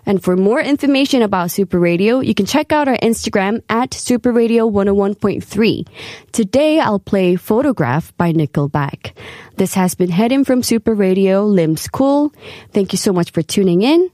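A woman hosting a scripted radio segment, reading carefully with lively emphasis. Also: medium pitch, normal speed, dry recording, clean studio sound. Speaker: radio host.

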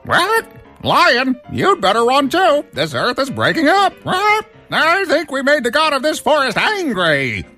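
A man voicing a timid, squawking parrot in a children's story, high and hesitant. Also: huge pitch swings, unhurried, sharp tone, soft background music, exaggerated voice. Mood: alarmed.

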